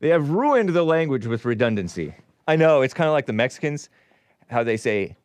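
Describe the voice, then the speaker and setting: A man's voice: mid-range voice, big pitch swings, a little fast, clean tone, no room sound. Man, show host, wry and chuckling, dry close mic. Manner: wry, laughing often, reading chat aloud. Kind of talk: casual live-stream chat.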